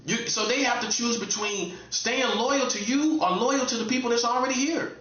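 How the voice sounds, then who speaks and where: An online commentator from North Carolina, a high-voiced man, gives a casual monologue at normal speed with a bright, forceful edge, lecturing the listener and repeating points for emphasis. The recording sounds roomy and a little dull.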